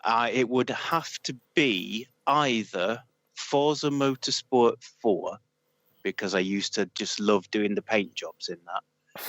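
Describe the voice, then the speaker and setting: A man's voice: lowish voice, no echo. A man with a northern English accent from Manchester, a game reviewer chatting hesitantly and with self-deprecating jokes as a podcast guest. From Greater Manchester, England. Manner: hesitant, self-deprecating, joking, many pauses and fillers. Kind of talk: casual podcast chat.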